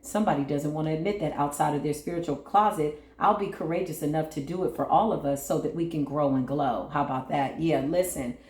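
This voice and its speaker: A woman with a lowish voice reads tarot cards for her viewers in a soothing, repetitive way. She keeps checking in with a quick "right?". The sound is echoey, as if recorded in a bare room. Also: darkish tone. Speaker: tarot reader. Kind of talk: channel tarot reading.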